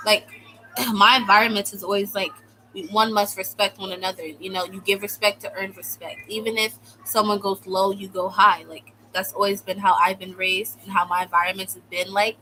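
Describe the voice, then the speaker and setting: Young adult woman, US-born vlogger, casual storytime rant, sarcastic and dramatic, full of "like", crisp bright tone. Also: medium pitch, flat delivery, moderate pace, slight background noise, low-quality recording. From United States. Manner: exaggerated, sarcastic, fills speech with "like". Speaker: vlogger telling a personal story.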